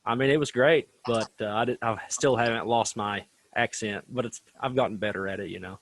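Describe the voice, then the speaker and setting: A man hosting a casual talk show, thoughtful and relaxed, often hedging his points. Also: on the low side, brisk, no echo. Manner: relaxed, reflective, many hedges. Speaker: host. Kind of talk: casual chat.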